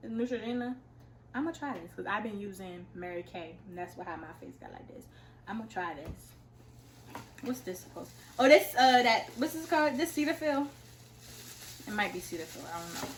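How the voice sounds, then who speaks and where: A teenage girl opening gifts in a casual home vlog, breaking into loud, repeated excited exclamations. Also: medium pitch, a little fast, slight background noise, low-quality recording. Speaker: vlogger.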